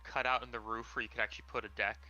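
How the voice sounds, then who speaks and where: A man chatting casually with friends, throwing in quick joking asides. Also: medium pitch, flat delivery, lo-fi sound, over a noisy crowd. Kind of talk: casual group chat.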